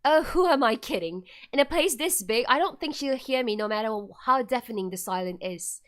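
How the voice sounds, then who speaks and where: A woman's voice: a little high, animated, a little fast. A woman streamer reading a horror visual novel aloud in first person, breaking off into playful, chatty asides and attempts at a British accent.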